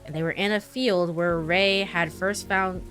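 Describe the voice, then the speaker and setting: A woman's voice: on the low side, fairly even intonation, measured pace, a bit bright. Giggly woman reading game text aloud. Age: young adult. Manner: giggly, stumbles over names, chatty asides. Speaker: game streamer. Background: faint game music.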